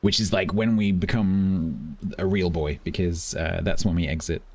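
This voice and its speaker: A man's voice: deep voice, fairly even intonation, moderate pace, darkish tone, slightly rough. A man streaming a game, joking dryly and patiently explaining things to a new player with lots of restarts. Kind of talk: casual gaming stream chat.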